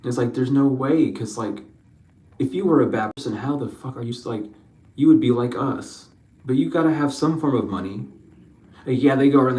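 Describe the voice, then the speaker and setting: A man's voice: mid-range voice, a little mellow, roomy sound, far from the mic, low-quality recording. A man giving an emotional spiritual reading, rambling, repeating his questions and swearing freely. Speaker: spiritual card reader.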